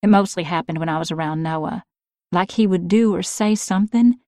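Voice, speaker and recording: A woman narrating a first-person romance audiobook in a calm, reflective manner. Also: fairly low pitch, no echo, studio quality.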